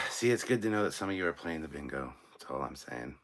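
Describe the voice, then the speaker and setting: A man's voice: rumbling low, expressive, a little fast, sharp tone. A man in his forties hosting a live stream, chatting casually and joking as he reads viewer comments aloud. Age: 40s.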